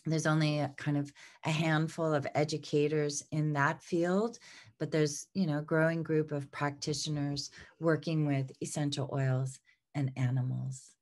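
A woman's voice: low voice, flat delivery, normal speed, a little mellow. A middle-aged woman teaching an aromatherapy lesson over slides, a little congested, talking off the cuff with many ums and restarts. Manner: unscripted, many fillers and restarts.

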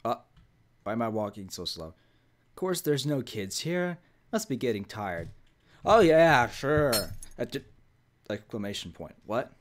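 A man's voice: fairly low pitch, big pitch swings, normal speed, pauses often, slight background noise. A man hosting a let's play, joking around and reading the on-screen text aloud. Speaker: gaming video host.

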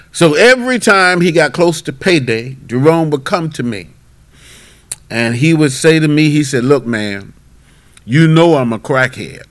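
A man, a bishop, teaching a midweek Bible class and telling a story in a lively, emphatic way. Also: mid-range voice.

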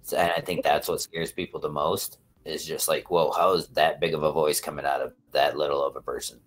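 A man's voice: rumbling low, little pitch movement, brisk. A man hosting a casual livestream, rambling and swearing as he talks to his viewers. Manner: rambling, profane, talks to chat. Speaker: livestream host.

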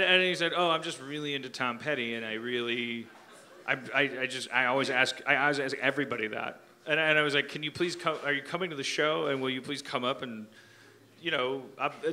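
A man's voice: mid-range voice, sharp tone. A man hosting a comedy podcast live on stage, rambling through stories with a laughing audience. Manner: rambling storyteller, mock-sings lyrics. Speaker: podcast host.

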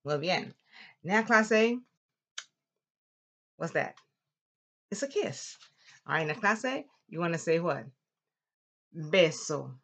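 A woman teaching a lively classroom language lesson, drawing out words slowly for the class to repeat. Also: fairly low pitch. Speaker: Spanish teacher.

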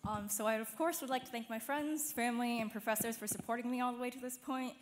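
A woman's voice: a little high, steady tone, fast. A young woman graduate at a podium microphone, tripping over words but speaking with fervent conviction. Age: young adult. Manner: stumbling, then rising to a fervent appeal. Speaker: graduating student. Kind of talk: short graduation speech. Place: large hall at a ceremony. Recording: reverberant hall, faint noise.

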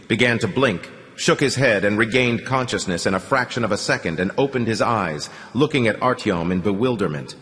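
A man narrating a novel in a steady, measured audiobook reading. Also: on the low side. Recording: long hall reverb.

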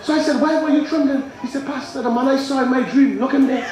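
A man preaching an evangelistic sermon, telling stories and quizzing the congregation, building to shouts. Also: very high voice, fairly even intonation, fast, heavy background noise. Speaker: pastor. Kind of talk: evangelistic sermon with call and response. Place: church or tent with congregation. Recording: very echoey hall with crowd.

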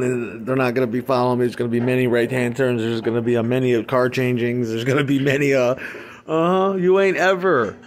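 A man vlogging an angry, profane rant, swinging between low muttering and loud outbursts.

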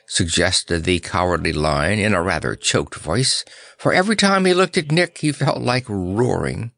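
A man narrating a children's book in a measured, expressive way. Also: deep voice, gravelly, no echo. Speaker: audiobook narrator. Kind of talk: scripted narration.

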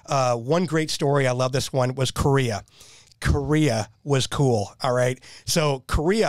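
A man's voice: medium pitch, no echo, studio quality. A man in his fifties, a military veteran, telling stories in a rambling, enthusiastic way as a podcast guest. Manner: enthusiastic, rambling storyteller who repeats himself. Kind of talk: casual storytelling.

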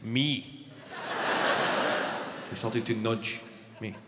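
A man's voice: fairly low pitch, very slow, very noisy. A Scottish man in his twenties doing a live stand-up routine, telling a story with swearing and punchy lines. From Scotland. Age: 20s. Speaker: stand-up comedian. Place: large arena, live audience. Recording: echoey arena with loud crowd laughter.

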